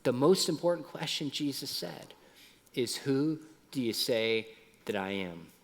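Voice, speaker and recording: A middle-aged man giving a lively talk at a youth conference, dropping soft and low at emotional points. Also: a little slow, big-room sound. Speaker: conference speaker. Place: large conference hall.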